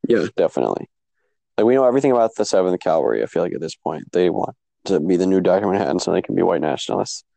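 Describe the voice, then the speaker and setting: A man in a casual chat, relaxed and speculative, swearing now and then. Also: sits low, rapid-fire, gravelly, no room sound, low-quality recording.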